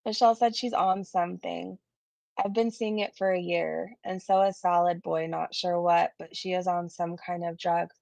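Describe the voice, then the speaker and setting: A woman streamer talks in a loose, chatty way, reading out viewer comments and tossing in blunt asides. Her voice has a gravelly fry at mid pitch, and the sound is dry and close. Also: fairly even intonation, moderate pace, darkish tone, no room sound. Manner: chatty, reads viewer comments aloud, frequent swearing and laughs. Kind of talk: casual live-stream commentary.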